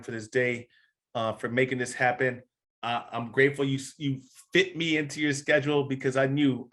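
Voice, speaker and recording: A man's voice: mid-range voice, a bit bright. A man hosting a podcast as a gym coach, talking in an earnest, passionate way that turns emotional. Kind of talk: casual podcast interview.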